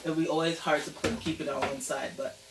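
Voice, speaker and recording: This cooking vlog host talks fast in a low, gravelly voice with fairly even intonation, chatty and playful as she explains every step. The camera mic picks her up from a distance, back turned, in a roomy kitchen with a faint hiss.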